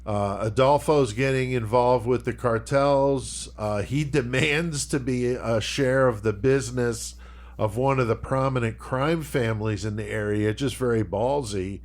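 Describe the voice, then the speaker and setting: A man's voice: mid-range voice, unhurried. A man hosting a podcast, retelling a story in loose, casual chat and swearing often. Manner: loose, profanity-laced retelling. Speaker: podcast host leading the segment.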